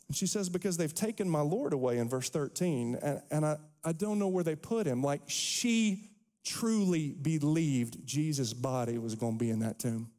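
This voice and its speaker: A man pastor preaching a sermon, animated, acting out the quotes from scripture. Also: a little high, moderate pace. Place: church sanctuary. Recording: long hall reverb.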